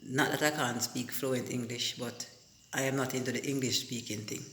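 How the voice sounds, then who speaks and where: A man's voice: mid-range voice, moderate pace. Jamaican man telling his story, echoey room. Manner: animated, addresses viewers as guys, many you-knows. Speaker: vlogger. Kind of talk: casual storytelling to camera.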